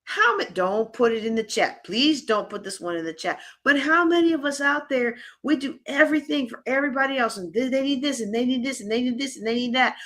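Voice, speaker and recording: A woman presenting a live conference workshop, talking in a lively, conversational way straight to her audience. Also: high-pitched, a little fast, few pauses.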